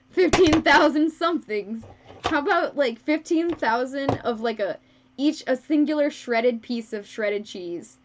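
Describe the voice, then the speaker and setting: A fursuit maker chats casually with her live-stream viewers as she sews, giggling, laughing often and poking fun at herself. Her voice sits high and expressive, and she speaks a little slowly. She's on the wrong microphone, and there's background noise.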